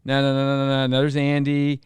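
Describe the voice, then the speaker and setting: A man's voice: medium pitch, completely flat delivery, fairly quick, a little mellow, clean tone, no room sound. A man hosting a podcast, rambling through a story with plenty of swearing. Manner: rambling, swears, reads timestamps aloud. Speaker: podcast host. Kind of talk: casual podcast chat.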